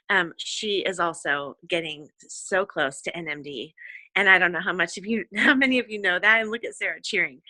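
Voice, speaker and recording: A woman's voice: on the low side, bright, forceful tone, no room sound. A woman leading a sales team, giving an effusive, encouraging motivational talk on a conference call with many fillers. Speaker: direct sales team leader.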